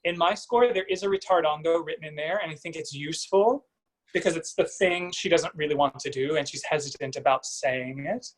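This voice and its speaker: A man's voice: a little high, fairly quick, rough recording. Man coaching singing over video call. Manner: coaching, sings short phrases to demonstrate. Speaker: vocal coach.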